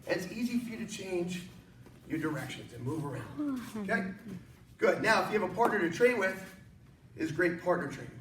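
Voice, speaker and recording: A high-voiced man teaching an online martial arts class from his studio, energetic and joking as he coaches. The room is echoey and he stands well back from the mic. A faint hiss sits under the voice. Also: fairly quick, pauses often, recorded from a distance, crowd noise. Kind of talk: online workout class instruction.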